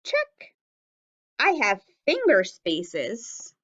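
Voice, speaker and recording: A woman teacher leading a children's writing lesson on video, speaking slowly and enunciating words carefully so young learners can follow. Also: medium pitch, very animated, bright, forceful tone, lo-fi sound. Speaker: elementary teacher.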